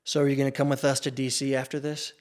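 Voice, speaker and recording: A man putting on a brash, folksy older politician who heaps on praise in short, repeated phrases. The voice sits mid-pitch and comes a little louder and brighter than the speaker's own talk. It is delivered in short, punchy bursts. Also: flat delivery, fast talker, natural voice. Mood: pleased. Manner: clipped repetitive phrases.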